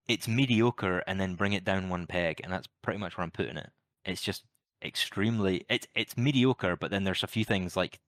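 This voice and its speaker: A man's voice: low-pitched, fairly bright tone, no echo. A man co-hosting a podcast, giving wry, opinionated film opinions with dry sarcastic jokes. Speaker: podcast co-host. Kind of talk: casual film review chat.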